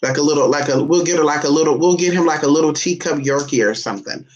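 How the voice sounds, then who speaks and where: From a phone or camera set down somewhere indoors at home, a sassy, loose-tongued vlogger speaks at a mid pitch, a little fast, with dull audio. This casual, profane home vlog is full of "honey" and swearing, with sudden squeaky high bursts whenever the dog gets teased. Nothing is polished; it all sounds off the cuff.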